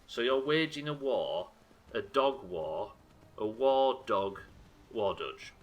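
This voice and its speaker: A man's voice: mid-range voice, expressive, slow, muffled recording. A man streaming a game live, chatting casually and joking with his chat, with frequent swearing. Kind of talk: casual commentary while playing.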